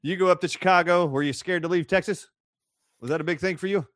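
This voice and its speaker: A man's voice: sits high, steady tone, fast talker, a bit bright, no room sound. Encouraging male interviewer, dry sound. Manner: encouraging, brief prompts. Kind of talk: conversational interview.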